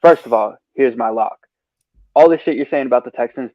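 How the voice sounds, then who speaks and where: A man's voice: medium pitch, a little fast, no echo, narrow, tinny audio. A man giving sports betting picks on a podcast, ranting and swearing, then apologizing for it. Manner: ranting, profane, apologetic asides. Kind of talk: casual sports betting talk. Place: a different place than usual.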